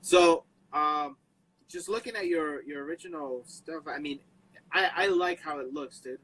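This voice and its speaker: A laid-back young man hosts a casual podcast, dropping slang and the odd swear. His voice is a bit higher than most men's and strongly bright and forward. Faint background noise sits under it. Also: unhurried, low-quality recording. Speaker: podcast host.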